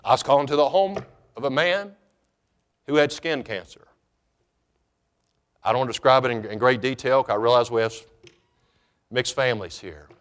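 A pastor preaching a sermon, reading scripture and swinging between loud emphatic lines and hushed ones. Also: male voice, medium pitch, normal speed, long pauses.

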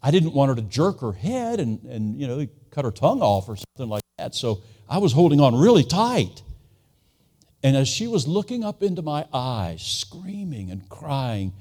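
A man's voice: medium pitch, sing-song, moderate pace, darkish tone. A man in his sixties preaching a sermon, telling a family story earnestly and acting out the voices he quotes.

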